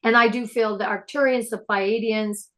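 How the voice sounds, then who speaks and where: A woman speaks as a podcast guest in casual conversation. Her voice sits a little high, and she tells her stories with eager, animated energy. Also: normal speed. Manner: excitable, animated storyteller. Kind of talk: casual spiritual interview chat.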